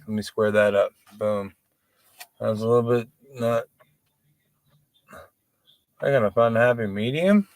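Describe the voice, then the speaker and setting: A man's voice: medium pitch, dry recording. A man in his forties doing open mic stand-up, rambling, self-deprecating and profane. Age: 40s. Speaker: stand-up comedian.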